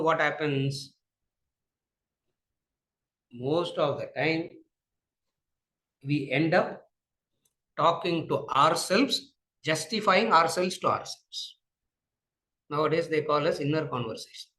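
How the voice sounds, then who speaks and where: Tamil-accented male lecturer, bright and high, circles back on his own lines in class. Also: lively intonation, measured pace, pauses often, low-quality recording. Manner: rhetorical questions, repeats phrases, drops to asides. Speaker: spiritual lecturer.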